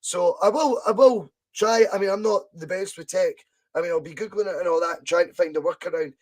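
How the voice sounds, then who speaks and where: A Scottish man hosting a relaxed live podcast, high in pitch. He talks in a chatty, loose way, laughs often and swears casually. His voice sounds a little strained. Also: brisk. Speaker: podcast host.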